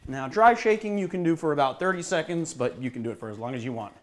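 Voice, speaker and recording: A man's voice: on the high side, lively intonation, quick pace. A man hosting a casual cocktail-making lesson, chatting easily and a little out of breath as he mixes and shakes drinks. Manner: chatty, self-deprecating, talks while mixing and shaking. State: slightly out of breath. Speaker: bartender and cocktail show host.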